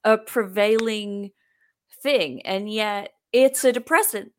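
A woman's voice: medium pitch, takes it slowly. A woman hosting a casual podcast chat, talking in a relatable, conversational way and often saying "like.". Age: adult with children. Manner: conversational, relatable, lots of fillers like "like".

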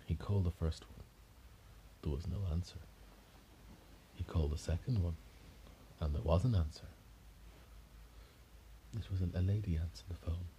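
Man narrating a made-up story, very low dark voice, rambling, restarts often. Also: moderate pace, pauses often, a little hiss or hum. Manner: rambling, with frequent restarts and self-corrections.

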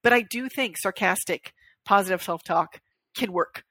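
A woman co-hosting a podcast in easygoing chat, her voice pitched squarely in the middle range. She talks with animated, self-mocking humor. The sound is dry and close, with no room behind it. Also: moderate pace, no echo. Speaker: podcast co-host. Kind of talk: casual chat.

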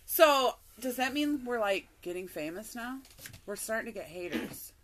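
A woman co-hosting a podcast, telling a story in a casual, animated way, swearing and laughing often. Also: a little high, normal speed, a little hiss or hum. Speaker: podcast co-host.

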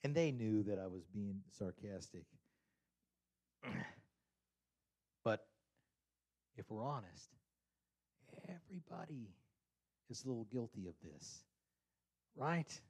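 Guy doing a jokey laid-back sermon, keeps chuckling and jumping way up in pitch for quotes. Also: slow pace, pauses often. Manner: jokey, animated storytelling, acts out quotes with sudden pitch jumps; chuckles often.

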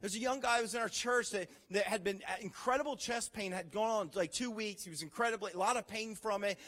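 A man preaching a sermon as pastor, telling stories with animated, acted-out reactions. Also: sits high, fast, long reverb tail. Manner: animated storytelling, acts out his own reactions.

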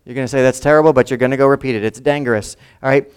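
A man's voice: medium pitch, fairly even intonation, racing, smooth. Man preaching a conversational sermon. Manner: conversational, asks the congregation questions. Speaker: pastor.

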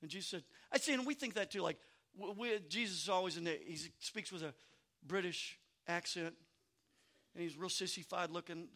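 A male pastor preaching a sermon, swinging from hushed, chatty asides to shouted passages and repeating "I'm telling you.". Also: high voice, brisk.

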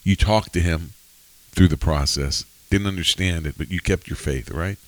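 A man's voice: deep voice, moderate pace, dry recording, poor audio. A man co-hosting a faith podcast, speaking in an earnest, emphatic, heartfelt way. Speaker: podcast co-host.

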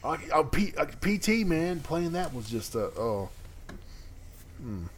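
Man co-host, casual chat, lively up-and-down pitch, rambles and laughs a lot, faint hiss behind. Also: a little slow. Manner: rambling, laughs often, trails off mid-sentence. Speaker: podcast co-host.

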